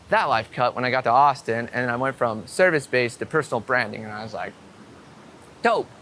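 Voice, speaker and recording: Excitable swearing man vlogging outdoors, bright voice. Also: mid-range voice, a little hiss or hum. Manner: excitable, swearing storyteller with many "I'm like" quotes. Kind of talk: casual talk to camera. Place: outdoors on a city street.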